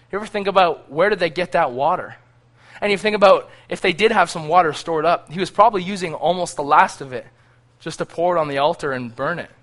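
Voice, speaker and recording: A man preaching a sermon, reading scripture aloud and growing loud on the prayers, with frequent restarts. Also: on the high side. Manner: frequent restarts and repeated words.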